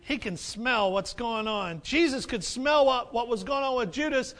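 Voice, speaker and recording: A man's voice: very high voice, expressive, moderate pace, fairly bright tone. A man preaching a sermon as pastor, conversational and humorous, repeating phrases for emphasis.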